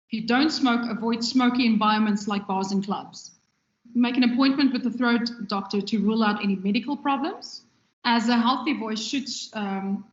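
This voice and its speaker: Higher-voiced woman lecturing in an echoey room. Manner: conversational, gestures freely with her hands. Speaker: radio production lecturer. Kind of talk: recorded lecture. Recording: echoey room, dull lo-fi sound.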